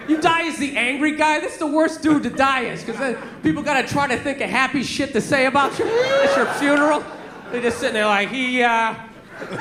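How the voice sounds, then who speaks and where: A man in his forties doing a stand-up set, talking loudly and passionately, close to yelling. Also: very high voice, animated, a little fast. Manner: loud, passionate, near-yelling delivery. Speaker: stand-up comedian. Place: comedy club stage before a laughing audience. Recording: roomy club sound with loud crowd laughter.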